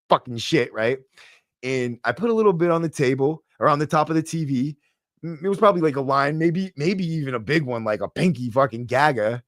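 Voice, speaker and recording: A man's voice: mid-range voice, no echo. Profane streetwise Boston man, dry sound. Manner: streetwise, profane, animated retelling. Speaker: guest storyteller. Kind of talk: casual storytelling. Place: podcast studio. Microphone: podcast microphone.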